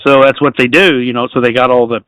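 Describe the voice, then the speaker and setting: A man from Southwest Missouri with a local accent, co-hosting a casual podcast, agreeable and quick to say yeah, swearing freely. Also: medium pitch, fairly even intonation, a bit bright, clear, resonant tone, no room sound, rough recording. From Southwest Missouri, USA. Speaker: podcast co-host. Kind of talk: casual live podcast chat.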